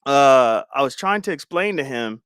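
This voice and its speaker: A man in his thirties hosting a casual livestream chat, loud and animated, laughing constantly. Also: mid-range voice, moderate pace, clean tone, no echo, clean studio sound. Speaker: livestream host.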